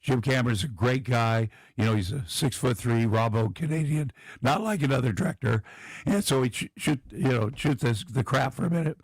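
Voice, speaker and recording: A man's voice: medium pitch, moderate pace, gravelly, husky, no echo. A middle-aged man, a comedian and actor, telling self-deprecating stories as a guest on a talk show. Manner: self-deprecating, animated storyteller. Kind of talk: casual anecdotal storytelling.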